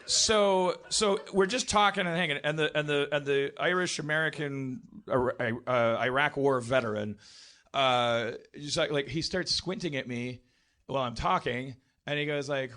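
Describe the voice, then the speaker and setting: A man on a live comedy podcast stage spins a rambling anecdote, stopping and restarting his sentences constantly. His voice sits fairly high and sounds bright and forceful. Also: normal speed. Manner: rambling, self-interrupting, lots of restarts. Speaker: podcast host telling a story.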